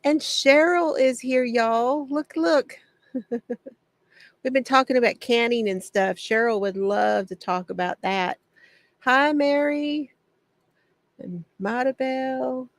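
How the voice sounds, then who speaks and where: A woman's voice: high-pitched, slow pace, dry recording. A woman hosting a casual craft livestream from her home shed, greeting viewers by name, chatty and often laughing.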